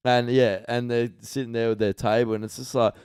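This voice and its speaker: An Australian man telling animated, profanity-laced anecdotes on a casual podcast. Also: medium pitch, brisk, smooth, no echo, studio quality. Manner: swears a lot, animated anecdotes. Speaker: podcast host.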